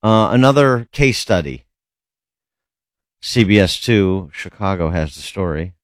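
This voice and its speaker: A man hosting a talk radio show, wry and measured, with a few hesitant fillers. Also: sits low, lively intonation, no echo, clean studio sound. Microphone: studio mic.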